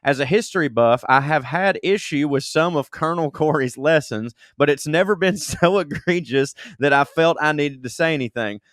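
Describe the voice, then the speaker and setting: A man's voice: a little high, normal speed, hardly any pauses, fairly bright tone, no echo, studio quality. A self-deprecating man co-hosting a comedy podcast, reading listener emails aloud with laughs and comic asides. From Southern United States. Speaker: podcast co-host.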